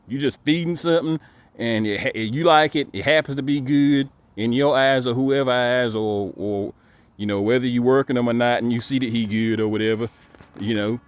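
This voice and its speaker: A man's voice: mid-range voice, moderate pace, no echo. A man giving a casual ranting monologue to camera, emphatic and repetitive, stumbling over repeated words. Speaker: dog breeder vlogger.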